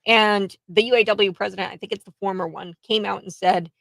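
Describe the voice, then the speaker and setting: A woman hosting a political talk show, chatty and quick to laugh between points. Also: mid-range voice, fairly even intonation, gravelly, a bit bright, no room sound. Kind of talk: casual political chat.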